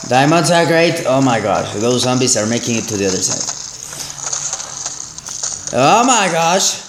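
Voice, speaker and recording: A man giving excitable let's play commentary as a gaming channel host, exclaiming and repeating himself. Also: medium pitch, unhurried, noisy background. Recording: roomy echo.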